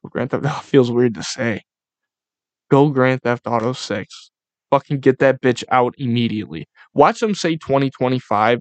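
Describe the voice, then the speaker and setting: A young man hosting a casual solo podcast, ranting in a profane, excitable, rambling way. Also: mid-range voice, normal speed, dry recording. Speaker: podcast host.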